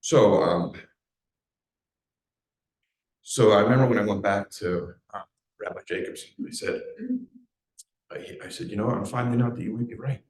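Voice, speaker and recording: A man's voice: lowish voice, darkish tone. Emotional Philly man telling his story. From USA, South Philadelphia. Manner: storytelling, emotional, fast restarts and fillers. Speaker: guest speaker. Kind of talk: live personal testimony talk. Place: event hall before a live audience. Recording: echoey live talk hall.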